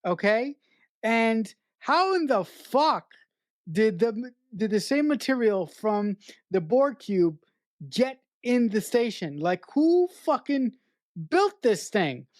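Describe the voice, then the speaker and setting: A woman's voice: fairly high pitch, very animated, slow pace, dry recording. A woman co-hosting a podcast, picking apart a film in blunt, exasperated casual talk full of swearing. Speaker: podcast co-host. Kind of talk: casual film review chat.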